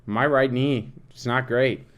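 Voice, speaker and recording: A man's voice: mid-range voice, fairly even intonation, a little slow, a bit bright. A man co-hosting a podcast, telling stories in crude, joking chat. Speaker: podcast co-host. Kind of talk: casual chat.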